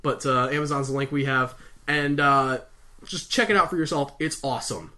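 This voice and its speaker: A man's voice: mid-range voice, moderate pace, sharp tone. A man reading a novel aloud casually, breaking off with enthusiastic, gushing comments. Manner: enthusiastic, gushing, laughing asides. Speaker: audiobook reader and video host.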